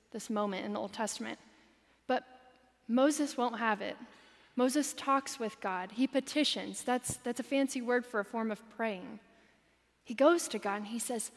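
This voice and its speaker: A woman preacher giving a sermon, reading scripture with animated, dramatic emphasis. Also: on the high side, normal speed, in a large hall.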